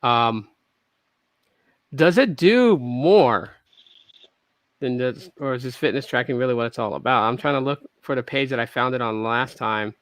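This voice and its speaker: A man's voice: medium pitch, normal speed, pauses often, a bit bright, no room sound. A man hosting a casual tech podcast, talking in a hesitant way with many restarts and fillers. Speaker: podcast host.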